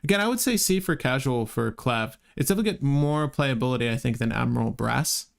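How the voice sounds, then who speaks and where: A man with a gravelly, creaky voice co-hosting a live card-game ranking stream. He talks loosely and chattily, stumbling and restarting as he goes, often turning to speak to the viewers. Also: medium pitch, expressive, fast. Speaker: co-host ranking game cards on a livestream. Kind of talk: casual live-stream chat.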